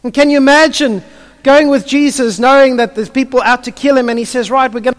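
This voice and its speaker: A man's voice: very high voice, a little fast. A man preaching a sermon, telling the stories vividly and often repeating his first words as he restarts. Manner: stammering restarts, vivid storytelling. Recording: long hall reverb.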